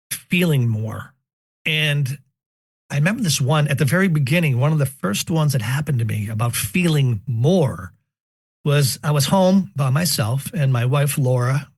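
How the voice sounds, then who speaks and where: Man, husky voice, slightly high for a man, casual storytelling, animated, dry close sound. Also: dry recording. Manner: animated, joking, repeats words when excited. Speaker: podcast guest telling paranormal experiences.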